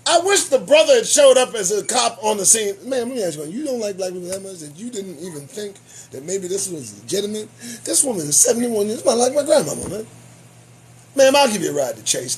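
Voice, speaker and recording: A man's voice: high voice, fairly quick, slightly rough. A man hosting his own show, giving profane, sarcastic commentary on the news. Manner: animated, swearing, sarcastic. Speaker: show host.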